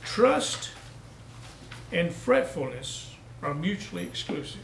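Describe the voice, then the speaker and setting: A man's voice: high voice, expressive, normal speed, reverberant, a little hiss or hum, poor audio. A male pastor preaching a sermon, telling down-home country stories and building to emphatic peaks. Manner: folksy storytelling preacher, rising to emphatic peaks.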